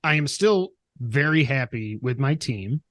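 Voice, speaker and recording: A man's voice: mid-range voice, expressive, unhurried, fairly bright tone, dry recording. A man talks casually on a podcast, teasing his co-host and rambling through his thoughts. His voice sits mid-range. It is recorded close and dry, with no room sound. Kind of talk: casual chat.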